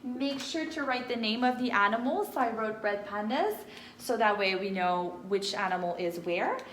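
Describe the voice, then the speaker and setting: With a mid-range, expressive voice at normal speed and a slightly bright edge, a first grade teacher patiently covers math for young children, filling her speech with fillers. Slight background noise and an echoey whiteboard home room mark this recorded classroom lesson.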